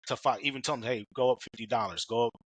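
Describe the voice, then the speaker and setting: A man's voice: mid-range voice, fast talker, husky, poor audio. A man hosting a podcast interview in a rambling, casual way with many fillers. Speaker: podcast host.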